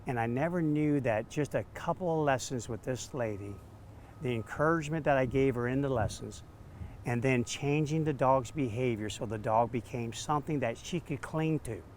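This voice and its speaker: Animated storytelling male dog trainer. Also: mid-range voice, moderate pace, slight background noise. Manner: animated, acts out quotes with laughs. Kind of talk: storytelling interview answers.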